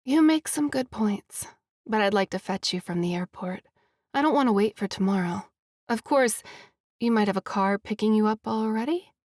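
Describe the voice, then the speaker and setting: A woman voicing a guarded young woman in love, speaking in a hushed, playful way. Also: mid-range voice, moderate pace, no room sound, studio quality, natural voice.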